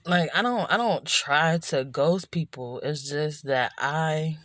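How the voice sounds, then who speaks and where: Speaking slowly in a low-pitched voice, a woman vlogger reflects on her feelings indoors at night. Her personal monologue is rambling and introspective, full of restarts and "you know".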